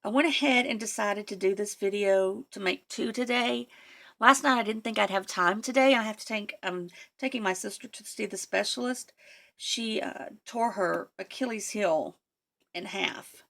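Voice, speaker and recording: Woman with a strongly creaky voice. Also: mid-range voice, normal speed, a bit bright. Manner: chatty, talks to herself and her materials while working. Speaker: craft vlogger. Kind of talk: casual crafting tutorial chat.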